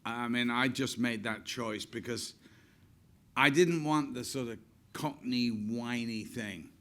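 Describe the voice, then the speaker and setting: A man's voice: medium pitch, takes it slowly, bright, forceful tone. An older man, an actor, telling chatty anecdotes on stage with frequent laughs. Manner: chatty, laughs often, acts out quotes.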